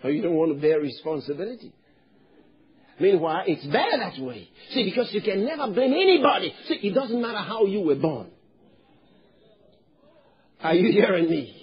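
Animated high-voiced Nigerian-born pastor preaching. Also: male voice, normal speed, pauses often, breathy edge, dull audio. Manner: animated, calls for congregation responses, swings to loud emphatic shouts. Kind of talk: sermon.

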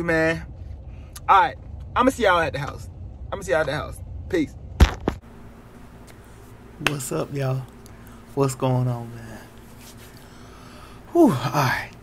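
An excited man talking to his viewers from the driver's seat, in a slightly high voice. He circles back over the same words again and again, building suspense about a big reveal. Faint road and engine noise sits under his voice. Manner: excited, repetitive, keeps teasing an announcement. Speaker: vlogger. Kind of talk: casual vlog to camera. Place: inside a car. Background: faint car noise.

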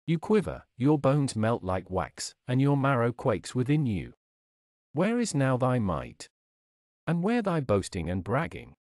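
A man's voice: mid-range voice, big pitch swings, unhurried, a little mellow, no echo, clean studio sound. A man reading a sermon aloud in a solemn, declamatory way, with dramatic rises and falls. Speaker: preacher.

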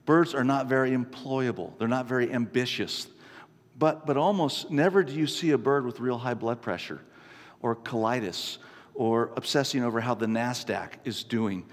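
A man in his fifties preaching a sermon, an animated, self-mocking storyteller. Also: mid-range voice, moderate pace. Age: 50s. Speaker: pastor. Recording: long reverb from a large hall.

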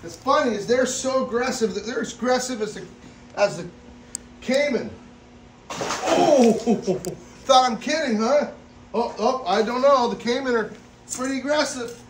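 A man hosting a casual vlog at an exotic pet store, excitable, often bursting into laughter and loud exclamations while feeding animals. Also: very high voice, moderate pace, background noise. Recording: echoey room.

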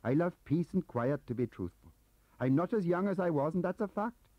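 Man doing a fawning Welsh clerk, high and sing-song. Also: animated, moderate pace, no room sound. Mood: eager, defensive. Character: fawning, anxious middle-aged Welsh male clerk. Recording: muffled tape audio.

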